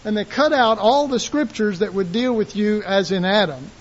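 A man preaching a sermon in an animated way, acting out the voices of God and his listeners. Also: sits high, normal speed. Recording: dull, hissy lo-fi recording.

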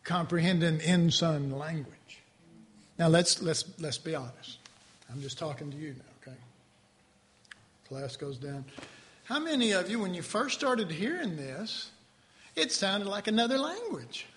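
A man teaching a Bible class in a conversational, animated sermon style, with asides to his listeners. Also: on the high side, measured pace, pauses often.

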